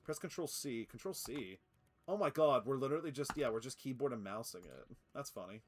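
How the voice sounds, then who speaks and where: A man streaming a factory game live, excitable and swearing, laughing often and cooing at his cat. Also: mid-range voice, brisk, soft background music. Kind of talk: live gameplay commentary.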